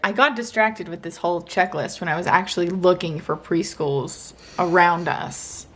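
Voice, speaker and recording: A woman's voice: lowish voice, moderate pace, fairly bright tone, a little hiss or hum. A young woman and mother chatting casually in a family vlog, full of fillers and restarts. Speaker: vlogger, mother.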